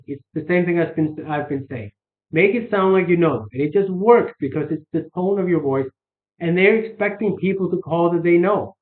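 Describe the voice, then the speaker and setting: A man giving a casual sales lesson, rambling with restarts and fillers. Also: a little high. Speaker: sales coach. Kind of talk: casual instructional talk. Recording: tinny phone-like sound.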